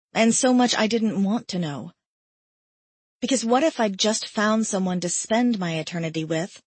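A woman narrating a novel in the first person with an intimate, measured delivery. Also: mid-range voice, slightly rough, no room sound. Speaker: audiobook narrator. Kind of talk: scripted narration.

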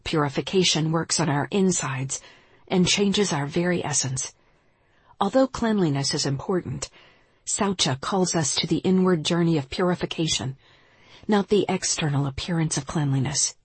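A woman who teaches yoga, reading her spiritual nonfiction aloud in a calm, measured, reflective way. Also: sits low, husky, no room sound.

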